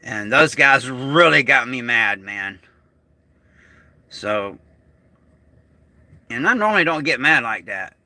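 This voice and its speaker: Slow, agitated American man with bright tone. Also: mid-range voice, expressive, dry recording. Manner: agitated, slow and halting, trailing off. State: upset, struggling with anger. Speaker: vlogger. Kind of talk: emotional vlog monologue.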